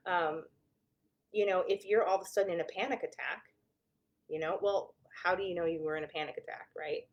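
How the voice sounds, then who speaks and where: A woman's voice: on the low side, fairly quick, highs cut off. A woman therapist explaining to viewers in a casual, candid, conversational way, often correcting herself mid-sentence.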